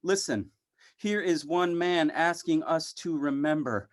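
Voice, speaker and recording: A poet giving a poetry reading, speaking in short, halting phrases broken by pauses and repeating words like a refrain. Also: male voice, a little high.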